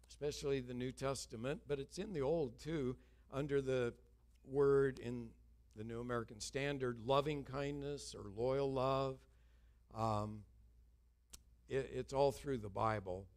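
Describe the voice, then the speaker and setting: An older man preaching a sermon in an earnest, conversational way. He mixes scripture with light humorous asides and speaks at an ordinary middle pitch. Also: darkish tone. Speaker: pastor.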